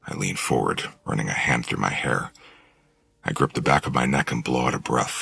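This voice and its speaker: A male audiobook narrator reads a first-person novel at an even, measured pace. His voice is extremely deep, with a gravelly, husky texture. The recording is dry and close to the microphone. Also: dry recording, soft background music.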